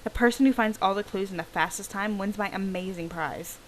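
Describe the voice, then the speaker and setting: A woman's voice: medium pitch, fairly quick, lightly acted, rough recording. Cheery young guy running a clue hunt in a horse game, read out by a woman, plain voice, faint hiss behind. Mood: upbeat. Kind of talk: reading game dialogue aloud.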